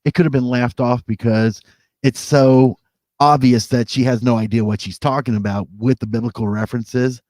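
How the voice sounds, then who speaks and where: Chatting casually as a podcast co-host, this man rambles, corrects himself and laughs at his own remarks. He speaks at a moderate pace in a slightly mellow, mid-range voice with fairly even intonation. The studio-quality recording has no room sound.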